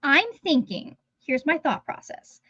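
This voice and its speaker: A woman's voice: high voice, sing-song, measured pace, pushed and bright, muffled recording, a little hiss or hum. A woman hosting a livestream, talking in a rambling, chatty way that often trails off mid-sentence. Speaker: livestream host. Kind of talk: casual livestream chat. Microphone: phone.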